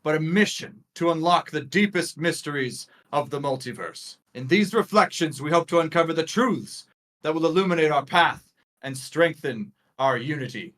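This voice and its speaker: A man's voice: a little high, lively intonation, moderate pace, pitched above the performer's own voice. A man voicing a grand male leader who gives a formal rallying speech in a tabletop game. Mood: rousing. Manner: loud, declamatory, formal. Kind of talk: tabletop game role-play.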